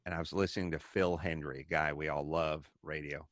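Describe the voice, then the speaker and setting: A middle-aged man hosting a talk show, telling stories in a casual, animated way, acting out the people he quotes and swearing freely. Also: very deep voice, a little fast, dry recording, clean studio sound. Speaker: podcast host. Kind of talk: casual storytelling chat.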